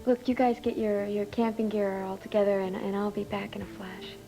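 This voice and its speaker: An actress playing a brisk, cheerful young mother in a soap opera. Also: medium pitch, fairly even intonation, close to an everyday voice, poor audio. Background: music.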